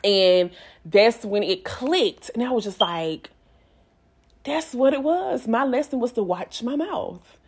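A woman's voice: a little high, animated, slow pace, husky. A woman, giving herself and her listeners an emphatic, repetitive pep talk in a casual vlog. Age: 20s. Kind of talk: motivational self-talk monologue.

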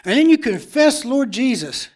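A man with a high voice preaches a sermon, hammering points home through repetition. He shifts between loud declarations and hushed, confiding asides. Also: big pitch swings, moderate pace.

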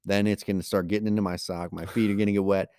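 A man with a low, mellow voice rambles through casual podcast talk, restarting sentences in a matter-of-fact way. His voice sits close and dry, with no room echo. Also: little pitch movement, fast. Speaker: podcast co-host, mail carrier.

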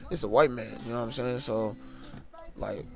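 A man's voice: medium pitch, moderate pace, vocal fry, music in the background. A young man from the United States telling a story in a casual, profane, heated way. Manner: profane, heated, animated retelling.

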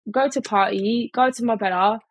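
A woman's voice: mid-range voice, normal speed, slightly rough, no echo, low-quality recording. A young woman chatting casually in a storytime vlog, full of fillers and mimicking other people in quotes. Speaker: vlogger.

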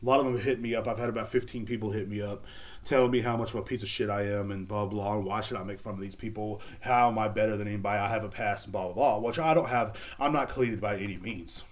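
A man's voice: on the low side, steady tone, fast talker. A man hosting a solo podcast, rambling through a crude, sarcastic mock apology. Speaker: podcast host. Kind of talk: casual solo podcast monologue. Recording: music playing behind the voice.

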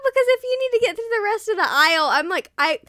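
A young woman co-hosting a podcast in casual chat, animated, acting out her own lines. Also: extremely high pitch, fast talker, no echo, clean studio sound. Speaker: podcast co-host.

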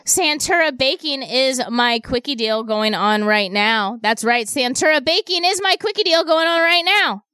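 A woman hosting a radio shopping show, pitching deals in a chatty way and repeating prices and names. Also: normal speed, few pauses, pushed and bright, clean tone. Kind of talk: upbeat radio deal pitch. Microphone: studio microphone.

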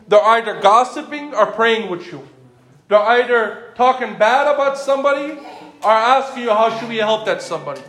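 Male preacher, very high voice, sermon with rhetorical questions and mixed languages, reverberant room. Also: a bit bright. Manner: repetitive rhetorical questions, calls listeners by name; switches between English and another language mid-sentence.

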